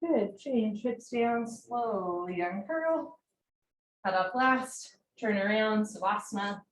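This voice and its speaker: Yoga teacher lady, calm encouraging cues, kinda echoey home room. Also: medium pitch, takes it slowly, slight background noise. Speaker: yoga instructor. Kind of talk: live-streamed yoga class instruction. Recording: roomy home recording.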